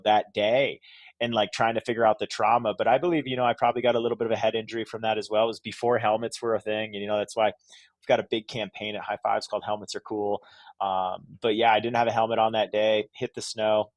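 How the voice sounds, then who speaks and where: A man's voice: lowish voice, no echo. Male podcast guest from Vermont, middle-aged, chatty and meandering, dry close mic. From Vermont, USA. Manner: rambling, lots of "like" and "you know", restarts. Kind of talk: casual podcast chat.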